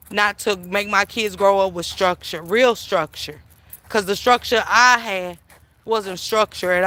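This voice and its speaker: A middle-aged woman hosting a livestream, telling stories in an animated, emphatic way, with plenty of swearing, while she walks outdoors and talks into her phone. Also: mid-range voice. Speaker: livestream host. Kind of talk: casual storytelling chat. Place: outdoors, walking through town.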